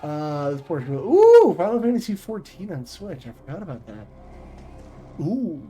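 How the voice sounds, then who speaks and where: A man's voice: fairly high pitch, wildly swooping pitch, moderate pace, mellow, breathy edge, soft background music, low-quality recording. A man chatting casually on a livestream, blunt and profane, rambling with restarts. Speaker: streamer.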